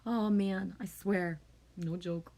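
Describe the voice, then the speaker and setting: Woman streamer, loose and chatty, sweary, reading out comments, bright voice. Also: medium pitch. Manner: chatty, swears often, sometimes refers to herself as "me". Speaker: live streamer chatting with viewers. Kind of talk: casual live-stream chat.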